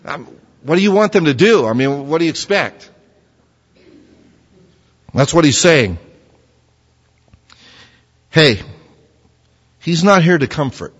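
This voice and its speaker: Preacher asking rhetorical questions. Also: male voice, on the high side, slow, pauses often, husky. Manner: conversational, rhetorical questions, animated. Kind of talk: sermon. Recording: dull sound with long hall reverb.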